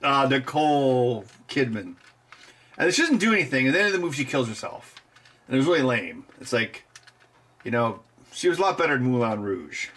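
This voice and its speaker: A man's voice: mid-range voice, sing-song, fairly quick, a bit bright. A man hosting a live stream, chatting casually and wryly while tinkering and testing gear. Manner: wry, offhand, laughs at his own jokes.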